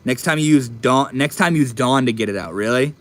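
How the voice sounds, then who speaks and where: A young man casually chatting on a live stream, reading and answering chat messages in a relaxed, profane drawl. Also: medium pitch, fairly quick. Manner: laid-back, swears often, drawls.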